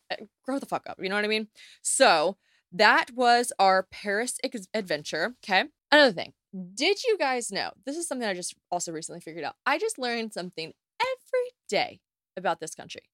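A young woman from the United States talks through stories on her solo podcast, lively and chatty, and she slips into little acted-out quotes. Her voice sits in an ordinary middle pitch for a woman. The sound is dry and close, with no room around it. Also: brisk, no room sound. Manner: chatty, animated storytelling with swearing and acted-out quotes. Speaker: podcast host. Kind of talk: casual solo podcast chat.

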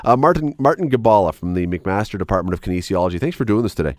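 A man's voice: lowish voice, rapid-fire, dry recording, studio quality. A man hosting a radio talk show, rambling and correcting himself as he talks. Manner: animated, rambling, self-correcting. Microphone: studio microphone.

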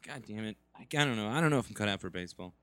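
A man's voice: fairly low pitch, expressive, fast talker, a bit bright, clear, resonant tone, no echo. A man playing a gloomy young ballplayer son in an improvised comedy scene, in an earnest, plain voice. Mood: downcast. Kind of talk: improvised comedy role-play.

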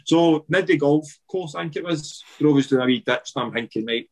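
Animated Scottish man telling a story. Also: fairly high pitch, brisk, rough recording. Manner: animated anecdotal, acts out quotes, swears freely. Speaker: guest, former footballer. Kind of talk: casual storytelling chat.

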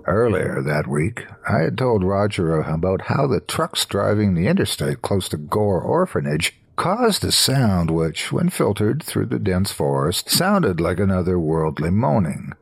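A man narrating a scripted horror story in a slow, low, hushed storytelling manner. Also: very animated, gravelly, slightly rough, dry recording, studio quality.

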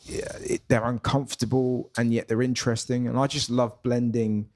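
A man with a mid-range voice talks in a relaxed, reflective way, and many of his phrases trail off. It sounds like a guest speaking casually across a table in a pub. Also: medium pitch, normal speed. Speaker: comedian guest. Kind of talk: casual chat.

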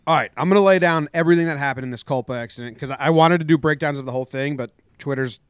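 A man co-hosting a podcast, retelling a baseball dispute in casual chat and acting out the shouting. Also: on the high side, rapid-fire, clean tone, no echo, studio quality. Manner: animated storytelling, acts out shouted quotes. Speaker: podcast co-host.

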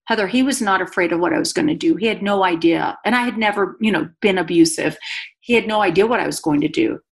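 A woman's voice: on the low side, quick pace, vocal fry. A woman guest giving an earnest, emotional personal testimony in conversation, a mother speaking about her life. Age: adult mother.

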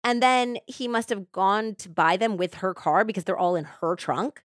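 A woman's voice: medium pitch, normal speed, no room sound, studio quality. A woman hosting a podcast, casually retelling a true-crime case and peppering it with "like". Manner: chatty retelling with frequent "like". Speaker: podcast host.

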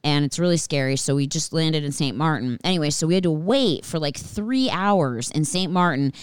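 A woman's voice: low voice, lively intonation, moderate pace, smooth, no echo. A woman telling a rambling, profane, anxious story in casual chat.

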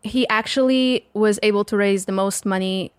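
A woman's voice: mid-range voice, moderate pace, clear, resonant tone, no room sound. A young woman from southern Portugal with a Portuguese accent, a guest comedian telling stories in casual podcast chat, acting out quotes. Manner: animated storyteller acting out quotes.

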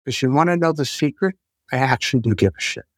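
A man's voice: mid-range voice, animated, quick pace, no echo, clean studio sound. A man, an executive coach and podcast guest, speaking bluntly and emphatically, with some swearing. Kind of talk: candid interview talk.

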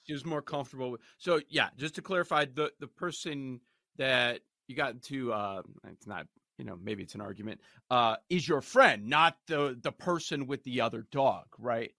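A man co-hosting a sports betting show, chatting in a halting way. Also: medium pitch, gravelly, pushed and bright, dry recording, clean studio sound. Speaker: co-host. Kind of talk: casual chat.

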